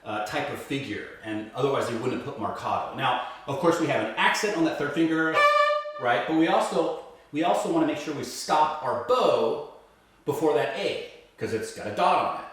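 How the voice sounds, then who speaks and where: In this step-by-step music lesson, a man who teaches violin guides listeners through a piece, explaining with patience and often asking "right?" His medium-pitched voice is expressive and moves at a normal speed, with faint music in the background. The sound has a roomy echo from a distantly placed mic.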